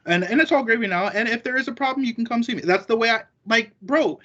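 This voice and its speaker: Guest spot: man with a high voice, rambling and cursing freely, dull muffled recording. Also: quick pace, sharp tone. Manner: rambling and profane, acting out quoted remarks. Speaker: guest, jiu-jitsu competitor. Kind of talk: casual podcast chat.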